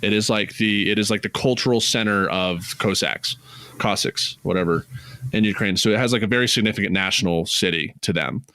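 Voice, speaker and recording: A man with a fairly low speaking voice co-hosts a casual podcast and tells an animated story. He swears freely and his voice jumps high with excitement. The sound is dry and close, with no room around it. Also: fast, no echo. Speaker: podcast co-host.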